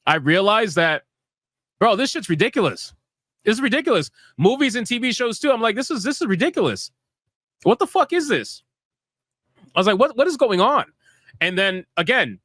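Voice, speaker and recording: Brash, bright-voiced male streamer. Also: high-pitched, no echo, clean studio sound. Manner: profane, mocking, emphatic. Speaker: streamer host. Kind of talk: live stream commentary.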